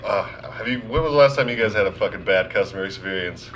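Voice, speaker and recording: A man's voice: on the low side, fast, a little hiss or hum. A young man co-hosting a podcast, telling a story in casual chat with lots of swearing and acted-out voices. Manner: animated, swears a lot, acts out voices in anecdotes. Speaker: podcast co-host.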